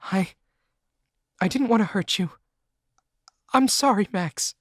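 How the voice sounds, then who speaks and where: A man voicing a tearful young woman begging forgiveness in an audiobook, his voice raised high and pleading. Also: takes it slowly, slightly rough, dry recording, clean studio sound.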